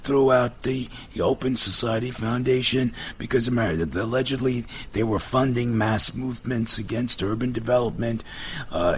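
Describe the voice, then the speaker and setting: A man's voice: medium pitch, fairly bright tone, slight background noise. A man with a Brooklyn accent hosting a talk radio show, punchy and emphatic as he runs through lists. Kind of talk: casual talk radio banter.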